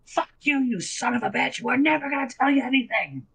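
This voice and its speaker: A man's voice: very high voice, lively intonation, brisk, vocal fry, a bit bright, slightly rough, voice pushed up, heavily acted. A man voicing a small, scornful male goblin prisoner in a tabletop game, taunting his captors. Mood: furious.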